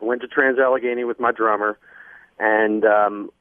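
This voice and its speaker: A man guest earnestly telling a long personal story on a radio show, halting often with fillers. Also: lowish voice, steady tone, dry recording. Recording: dry phone line.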